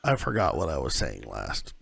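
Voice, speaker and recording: A man narrating a tabletop game as game master from his home office, halting and full of fillers. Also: a bass voice, wildly swooping pitch, creaky, a bit bright, slightly rough, no room sound.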